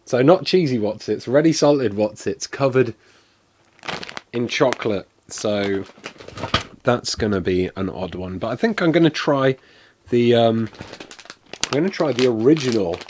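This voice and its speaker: A man's voice: mid-range voice, animated, a little slow, long pauses, noisy background. Man, casual streamer, rambling, self-mocking, chatty. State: coughing, something went down the wrong way. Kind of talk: casual live-stream taste test.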